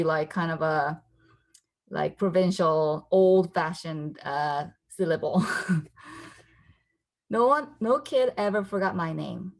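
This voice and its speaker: A woman in her forties from South Korea, whose first language is Korean, reading aloud from her graphic memoir with casual asides and giving the characters higher voices. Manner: voices the characters with a raised pitch.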